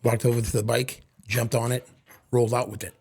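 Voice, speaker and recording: A middle-aged man from Lawrence, Massachusetts, telling stories from his childhood as a podcast guest and acting out quick bits of back-and-forth dialogue. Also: medium pitch, little pitch movement, darkish tone, breathy edge. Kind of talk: storytelling in casual conversation.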